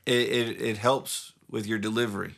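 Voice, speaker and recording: A man's voice: lowish voice, fairly even intonation, normal speed, vocal fry, fairly bright tone. A man co-hosting a casual podcast, laid-back and rambling, swearing freely as he chats in a studio. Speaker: podcast co-host, rapper. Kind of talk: casual chat. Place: recording studio.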